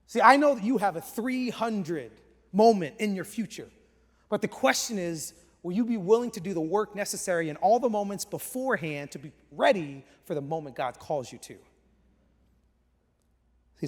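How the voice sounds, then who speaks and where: A high-pitched male pastor in his thirties tells a story from the pulpit with lively energy, now and then dropping his voice to a hush. His sermon rings out with a long reverb, as if in a large church hall.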